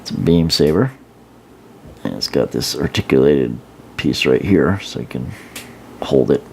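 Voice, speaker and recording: A man's voice: a bass voice, expressive, unhurried, creaky, a little mellow, a little hiss or hum. A man casually showing and reviewing an action figure, rambling with fillers and restarts. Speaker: toy reviewer. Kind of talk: casual hands-on product review.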